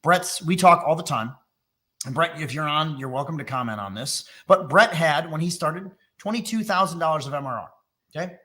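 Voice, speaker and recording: Upbeat Texan sales trainer. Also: male voice, on the high side, bright, forceful tone. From Texas. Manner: fast, enthusiastic salesy delivery. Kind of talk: live sales webinar pitch.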